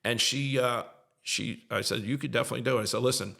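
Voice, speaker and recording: A man's voice: medium pitch, fairly even intonation, fast, creaky, bright, forceful tone. A middle-aged man, a podcast guest, tells an emotional story in an earnest, repetitive way and gets choked up at times.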